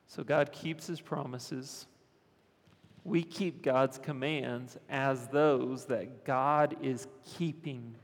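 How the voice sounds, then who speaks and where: A man's voice: mid-range voice, in a large hall. A man preaching a sermon as pastor, earnest, often repeating phrases and checking in with the congregation.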